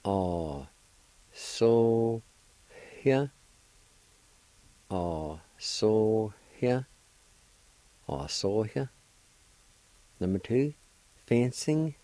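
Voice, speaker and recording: Slow, deliberate man teaching words. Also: lowish voice, expressive, dark tone, no room sound, rough recording. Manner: slow, deliberate spelling and repeated pronunciation. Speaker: radio host teaching vocabulary. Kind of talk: language lesson on radio.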